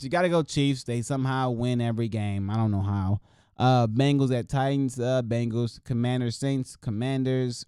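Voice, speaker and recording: A man's voice: mid-range voice, warm tone, smooth, no echo, studio quality. A young man hosting a sports podcast, talking casually and loosely, joking and swearing a lot as he runs through games. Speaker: podcast host.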